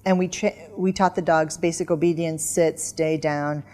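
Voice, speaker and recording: A middle-aged woman, a guest author in an interview, telling lively stories and acting out commands. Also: deep voice, normal speed. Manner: animated storyteller, acts out dog commands. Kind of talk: casual interview chat.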